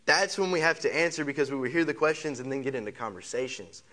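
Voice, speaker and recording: A mid-range voice, fast and sharp in tone, delivers a pastor's sermon. Phrases come back again and again, rhetorical questions pile up, and he guides the congregation through call-and-response, having them repeat lines.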